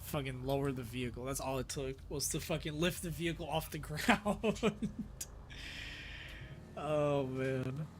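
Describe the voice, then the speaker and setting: Slightly slow and medium-pitched, the man's voice has some slight background noise behind it. He's streaming a role-play game live, muttering commentary to himself, swearing often, and shifting back and forth between frustration and disbelief.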